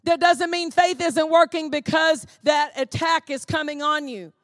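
A woman pastor preaching a sermon with fervent, emphatic, repetitive phrasing that builds to shouting. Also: high voice, measured pace, no room sound, studio quality.

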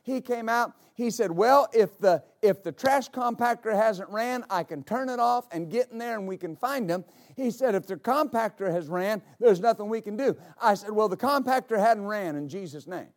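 A middle-aged male pastor telling a story in a sermon, with many halting restarts that build into emphatic declarations. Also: sits high, expressive.

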